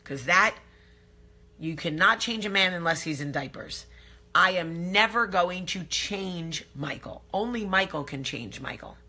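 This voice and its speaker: Woman vlog host, brash and salty storyteller, bright with a husky grain. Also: on the low side, measured pace. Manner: brash, profane, animated storytelling. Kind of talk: candid storytelling to camera.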